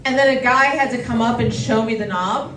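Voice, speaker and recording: Woman stand-up comic, quick and self-deprecating, fairly high voice, echoey and a bit distant. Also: slight background noise. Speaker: stand-up comedian. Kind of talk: stand-up comedy set. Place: comedy show in a bistro. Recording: echoey room from a distance, loud crowd.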